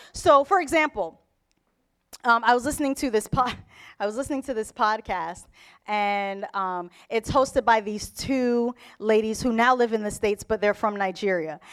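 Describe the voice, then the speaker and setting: A woman preaching a sermon in an animated storytelling way, acting out the people in her stories. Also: on the high side. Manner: animated, storytelling, mimics characters. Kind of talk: lively sermon with acted-out voices.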